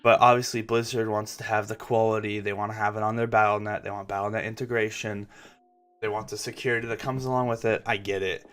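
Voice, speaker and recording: A man's voice: on the low side, little pitch movement, fast, a bit bright. A young man hosting a gaming channel chats casually and rambles, swearing often and stumbling into restarts. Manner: rambling, profane, stammering restarts. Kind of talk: casual chat.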